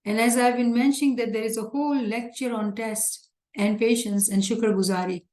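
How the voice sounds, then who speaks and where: A woman's voice: a little high, steady tone, normal speed, a little mellow, echoey room. A woman teaching a religious lecture in an earnest, emphatic way, often repeating her points. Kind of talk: religious lecture explaining scripture.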